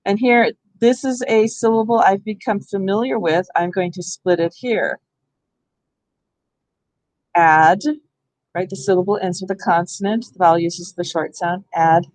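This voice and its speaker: A woman's voice: mid-range voice, fairly even intonation, normal speed, few pauses, darkish tone, no room sound, rough recording. A woman training teachers in a hands-on reading workshop, explaining step by step and thinking aloud. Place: school room.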